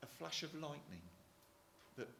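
His voice is a little high and gravelly, bright and forceful, with a sing-song lilt and a measured pace. He is a retired Royal Marine in his sixties with a Hampshire English accent, telling chatty anecdotes to an audience, frequently restarting and chuckling. The recording sounds roomy, with slight background noise.

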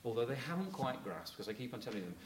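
A man's voice: mid-range voice, sing-song, quick pace. A middle-aged man spins a meandering anecdote for a room full of listeners, his voice rising and dipping a lot as he chuckles along. The talk echoes around a hard room, with a faint hiss underneath. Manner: rambling and chatty, full of fillers like "you know, kind of thing"; chuckles while telling stories. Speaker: speaker addressing a local audience. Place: room with a live audience.

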